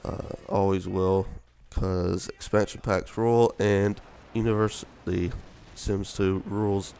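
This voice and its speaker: A man's voice: deep voice, flat delivery, slow pace, creaky, warm tone, smooth. A young man giving casual, rambling commentary over gameplay, sleepy from just waking up, with many fillers. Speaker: gaming video commentator.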